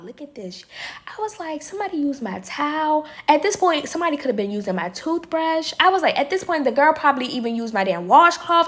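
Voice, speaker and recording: Young woman vlogger, high and animated, chatty storyteller who swears casually. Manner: animated, chatty, swears freely, addresses viewers as y'all. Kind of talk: storytime chat while doing nails.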